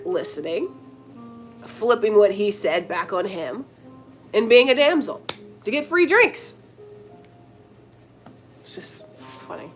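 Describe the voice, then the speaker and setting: A young woman chatting casually to her viewers, telling a story with lots of slang, fillers and giggles. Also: mid-range voice. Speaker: vlogger answering viewer questions.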